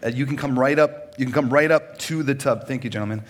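A man's voice: medium pitch, quick pace. A man pastor speaking from a church stage in a loose, chatty way. He jokes, laughs often between phrases and restarts his sentences as he talks. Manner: chatty and joking, with frequent restarts. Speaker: pastor leading baptisms. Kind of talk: casual sermon invitation.

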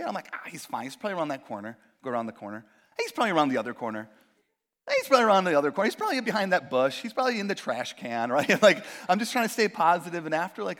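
Animated preacher man, lively pitch. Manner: animated, acts out quotes, jokey asides. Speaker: pastor. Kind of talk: sermon.

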